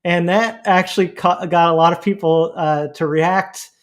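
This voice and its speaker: A man's voice: high-pitched, fairly even intonation, normal speed. Chatty laughing man hosting a podcast. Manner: chatty, laughs easily, reads posts aloud. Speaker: podcast host. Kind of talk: casual panel discussion.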